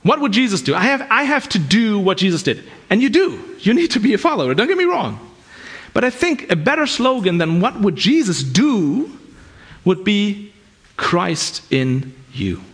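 A man's voice: high-pitched, sing-song, brisk, a bit bright. A man preaching a sermon in an earnest, conversational way, often restarting his sentences.

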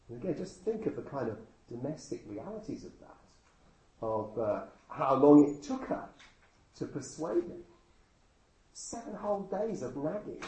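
Mellow-voiced preacher, roomy echo. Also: male voice, mid-range voice. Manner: conversational with rhetorical questions and dry humor. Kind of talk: sermon. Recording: echoey room with faint noise.

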